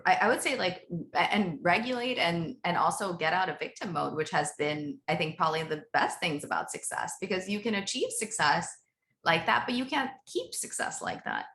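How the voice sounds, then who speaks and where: Woman coach in her 30s, bright forceful voice, roomy echo on a video call, chatty with lots of "like". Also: fairly low pitch, lively intonation, moderate pace. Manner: chatty, filler-heavy, laughs often. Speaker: interview guest, business coach. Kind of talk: casual interview chat.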